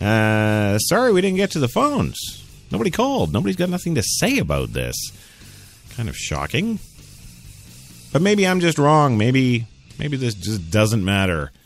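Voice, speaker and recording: A man's voice: mid-range voice, wildly swooping pitch, moderate pace, faint music behind. A man hosting a talk radio show, arguing bluntly and sarcastically with imagined listeners. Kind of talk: opinionated solo talk radio monologue.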